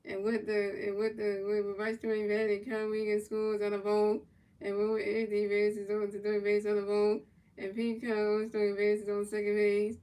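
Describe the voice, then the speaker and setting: Flat-voiced woman calling a game, distant mic. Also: mid-range voice, normal speed. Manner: repetitive, stumbling calls with casual slang and swearing. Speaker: gaming channel commentator. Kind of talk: casual play-by-play commentary over a video game. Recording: voice picked up from a distance.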